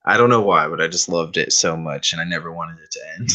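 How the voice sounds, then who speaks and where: Guy on a podcast, lowish voice but real bright and forceful, swears a lot and laughs easy. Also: quick pace. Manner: loose and profane, laughs often. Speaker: podcast co-host. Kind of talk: casual chat about wrestling.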